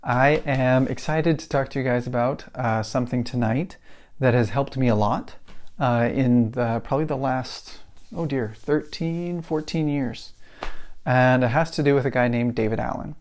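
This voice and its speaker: Gravelly guy doing a solo podcast at his desk, rambly, restarts his sentences a lot. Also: medium pitch, normal speed, a little mellow. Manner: rambling, restarts often, talks himself through examples. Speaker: podcast host. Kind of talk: casual solo podcast talk.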